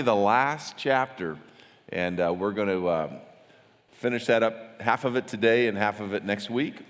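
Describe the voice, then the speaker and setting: A man teaches a Bible study to a gathered audience, chatting loosely and quizzing them as he goes. His voice sits fairly low and he often trips and restarts his words. The sound rings out with the long reverb of a large hall. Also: fairly bright tone.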